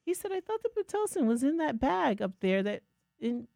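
A woman co-hosting a podcast, telling a lively personal story in a casual, self-mocking way. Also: high voice, brisk, gravelly, no echo, studio quality. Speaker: podcast co-host.

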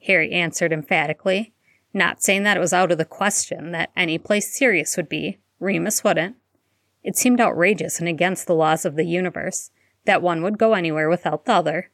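A woman reading fan fiction aloud as narrator in a steady, measured way. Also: lowish voice, no echo, clean studio sound.

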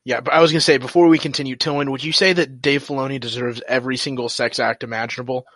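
A man on a casual podcast teases the others in quick, rapid-fire banter. His voice sits in a middle pitch, and the recording is dry and close with no room echo. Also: fairly even intonation, fairly bright tone.

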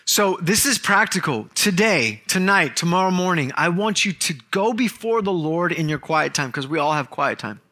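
A man preaching a sermon in church, telling a story with jokes and quick asides. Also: sits high, lively intonation, bright, forceful tone. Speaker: pastor.

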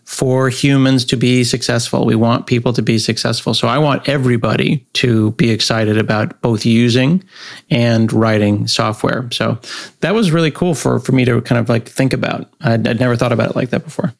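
A middle-aged American man talking through ideas in an interview, rambling and animated, slipping into acted-out quotes. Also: mid-range voice, normal speed, gravelly. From United States. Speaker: guest software developer. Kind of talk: conversational interview.

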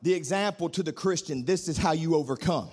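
Preacher man, high voice, gets fired up and singsongy, then soft and prayerful. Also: fairly quick. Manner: preaching with rising fervor, singsong cadence, drops to soft prayer. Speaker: pastor. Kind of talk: sermon.

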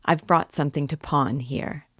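A woman's voice: low voice, normal speed, fairly bright tone, husky, no room sound, studio quality. A woman reading a novel aloud, voicing a poor, troubled young man who is tense and secretive, muttering his thoughts.

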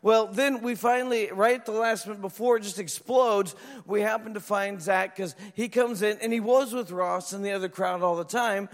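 Pastor, male, high voice, lively storytelling sermon, long hall reverb. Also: moderate pace. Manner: animated storytelling, acts out voices.

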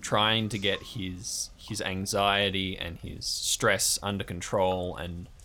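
Suspenseful male game master, bright tone. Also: deep voice, little pitch movement, slow pace. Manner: descriptive, suspenseful storytelling. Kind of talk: narrating a tabletop game.

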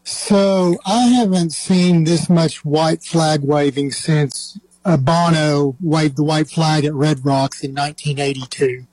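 A man calling in to a sports radio show, arguing his point in a measured way. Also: fairly high pitch, steady tone, a little mellow, dry recording, poor audio. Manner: measured, argumentative. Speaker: caller. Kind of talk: call-in sports talk radio.

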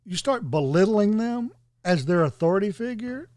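A man's voice: sits high, animated, moderate pace, a little mellow, dry recording. Joking, rambling man on a dry mic. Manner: rambling, jokey, digressive storytelling. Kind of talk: casual podcast chat.

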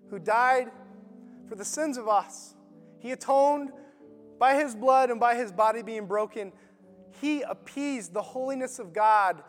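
Guy pastor with a really high voice, preaching earnest with lots of ums, big church echo, soft music under it. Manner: earnest, emphatic preaching with frequent um and uh. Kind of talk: sermon with closing prayer. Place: church service. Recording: long hall reverb, faint background music.

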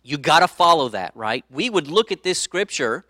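Pastor guy giving a sermon, bright punchy voice, dry close sound, keeps asking right?. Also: on the high side, sing-song, normal speed, no room sound. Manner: conversational, tag questions to the audience; acts out quoted speech.

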